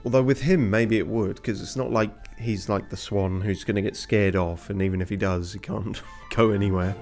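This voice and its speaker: A man's voice: lowish voice, steady tone, normal speed, darkish tone. A man streaming a game, reading its dialogue aloud in mock-pompous voices and breaking off to swear and joke. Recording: faint game music behind.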